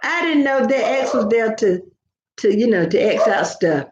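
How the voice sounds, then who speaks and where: An older woman with a drawl talks to her viewers in a loose, rambling way, full of folksy asides. Her voice sits a little high. The sound is roomy and slightly dull. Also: lively intonation, moderate pace, very noisy. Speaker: vlogger. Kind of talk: casual chat to viewers.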